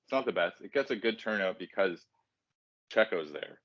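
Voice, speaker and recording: A man with a very low voice co-hosts a casual podcast. He rambles, filling gaps with ums and joking at his own slips. The sound is dry and slightly dull. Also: lively intonation, normal speed, no echo. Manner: rambling, self-deprecating, casual filler-heavy. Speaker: podcast co-host.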